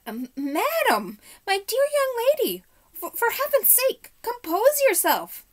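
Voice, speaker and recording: A woman doing a wailing, stammering old gentleman. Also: very high voice, wildly swooping pitch, unhurried, pitched above the performer's own voice, heavily acted. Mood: trembling plea. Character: panicky old gentleman, trembling and whining.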